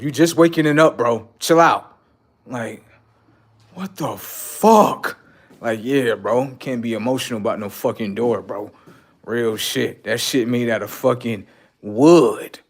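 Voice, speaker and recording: On a casual livestream, a man hands out blunt, profane relationship advice, lecturing viewers as "sir." His monologue lurches between loud outbursts and low mutters.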